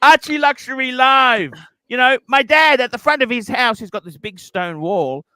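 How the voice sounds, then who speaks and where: A man with a high, bright, ringing voice pours out grievances in a rambling livestream chat, swearing freely and feeling sorry for himself. The sound is dry and close, with no room around it. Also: lively intonation, normal speed, clean tone, dry recording. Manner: complaining, swearing, self-pitying. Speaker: livestream host.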